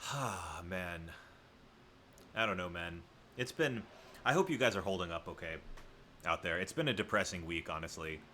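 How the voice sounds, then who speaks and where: A low-pitched man from the American South chats loosely through a livestream, wandering off on asides and correcting himself mid-sentence. His voice is very deep, yet it cuts with a bright, forceful edge, and a faint hiss of noise sits underneath. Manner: rambling, self-correcting, chatty asides to viewers. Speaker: livestream host. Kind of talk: casual livestream chat.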